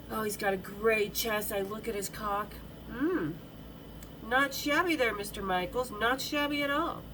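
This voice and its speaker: A woman's voice: medium pitch, noisy background. A middle-aged woman hosting a podcast, telling a story in a frank, bawdy, chatty way with many restarts. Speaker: podcast host.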